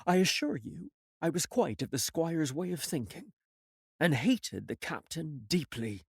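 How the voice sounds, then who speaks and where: Lively male audiobook narrator. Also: on the high side, vocal fry, slightly rough, no room sound, studio quality. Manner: measured storytelling reading. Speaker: audiobook reader.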